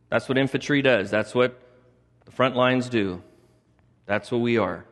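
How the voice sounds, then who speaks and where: A man's voice: a little high, fairly bright tone. A male pastor preaching a sermon, repeating points for emphasis and adding chatty asides. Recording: long reverb of a large hall.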